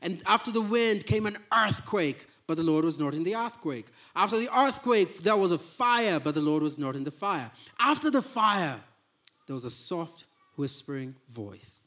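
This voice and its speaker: A pastor reads scripture and then explains it conversationally, frequently restarting sentences and stammering. His high-pitched, sharp voice is animated and moderately paced, with few pauses.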